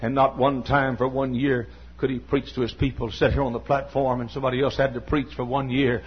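An older man preaching a sermon as pastor, repeating his points and building up to shouts. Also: medium pitch, little pitch movement, fairly quick, breathy edge, lo-fi sound. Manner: impassioned preaching, repetitive, rising to shouts.

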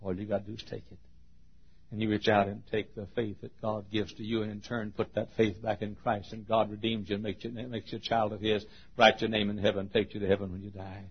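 A man's voice: fairly low pitch, level tone, fairly quick, slightly rough. A man preaching a sermon in a folksy, emphatic storytelling manner. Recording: dull lo-fi sermon recording.

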